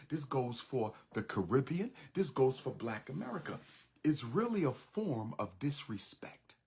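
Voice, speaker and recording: Middle-aged male speaker: husky, lively pitch, emphatic repetitive lecture style. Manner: emphatic, repetitive preaching cadence. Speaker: public speaker. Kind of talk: impassioned lecture.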